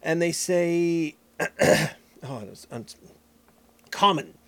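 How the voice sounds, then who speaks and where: A man talks casually on a podcast in a fairly high, very lively voice. He keeps restarting and trailing off as he works through his thoughts. The sound is dry and close, with no room around it. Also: takes it slowly, no echo. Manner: animated, restarts and trails off mid-sentence. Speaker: podcast co-host. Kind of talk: casual chat.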